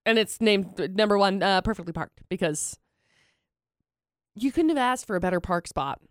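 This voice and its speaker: A woman's voice: medium pitch, animated, normal speed, dry recording. A woman co-hosting a radio show, bantering playfully and tossing in dry quips.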